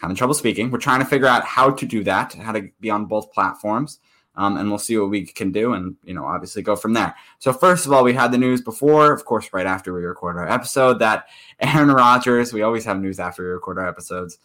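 A man's voice: lowish voice, fast talker, bright, forceful tone. A man co-hosting a casual sports podcast, rambling with frequent restarts. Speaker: podcast co-host.

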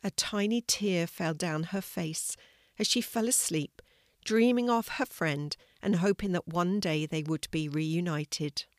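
Older woman, grandma storyteller, low gentle voice, dry close sound, measured read. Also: dry recording. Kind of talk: reading a children's story.

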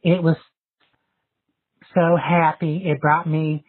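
Husky man on phone. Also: on the high side, little pitch movement. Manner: rambling, folksy, halting. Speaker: caller. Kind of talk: voicemail to a podcast. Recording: tinny phone line.

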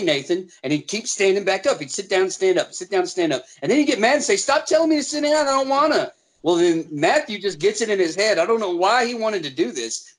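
A man telling rambling, profane stories in casual chat among friends. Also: high-pitched. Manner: rambling profane storytelling, animated voices in quotes.

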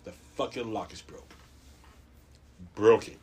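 A man's voice: measured pace, slightly rough. Profane man telling a wild story. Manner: profane, animated, acts out quotes in a high voice. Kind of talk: casual comedic storytelling.

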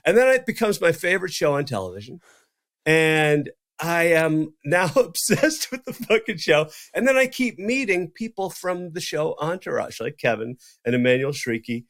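A man's voice: a little high, normal speed. A middle-aged man, a podcast co-host, telling a story in casual chat, swearing freely and acting out the dialogue. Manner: profane, animated, acts out quoted dialogue.

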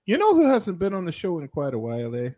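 A man's voice: huge pitch swings, fast talker, warm tone, full character voice. A man doing a chirpy sing-song Canadian guy. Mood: teasing. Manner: high sing-song pitch with stretched vowels.

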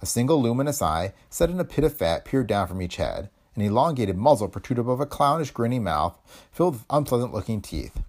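A man narrating a pulp adventure story in a dramatic, expressive storytelling manner. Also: medium pitch, brisk.

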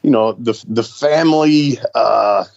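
A man co-hosting a podcast, chatting loosely and laughing often at his partner's jokes. His voice sits at a middle pitch, and the recording is a bit dull and lo-fi. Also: slow pace, gravelly, a little mellow, dry recording. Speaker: podcast co-host. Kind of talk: casual podcast chat.

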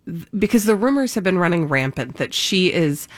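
A woman co-hosting a chat podcast with a somewhat low voice, talking in a chatty, knowing way. She sounds confident. The recording is dry and close. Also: animated, moderate pace, no room sound. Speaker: podcast co-host. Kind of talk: casual chat.

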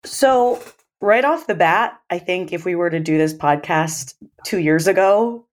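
Animated American woman with a low voice. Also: unhurried. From United States. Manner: animated storyteller, acts out dialogue. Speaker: sales leader, guest. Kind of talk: casual interview chat. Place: living in London.

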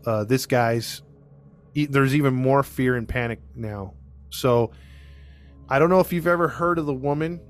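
A man hosting a podcast, casually telling a true-crime story to his co-hosts, rambling with many fillers. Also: mid-range voice. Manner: rambling, filler-heavy, restarts often.

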